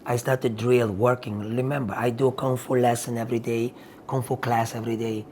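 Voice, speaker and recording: A kung fu coach telling an animated story in non-native, broken English, laughing often as he talks. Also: mid-range voice, normal speed, a little hiss or hum. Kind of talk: animated storytelling in a sit-down talk.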